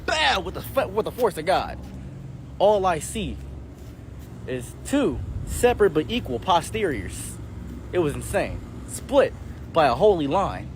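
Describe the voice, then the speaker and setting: Lively jokey man telling a story. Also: a little high, a little slow, pauses often, noisy background. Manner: animated, jokey, acts out dialogue. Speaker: storytime YouTuber. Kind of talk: comedic storytelling.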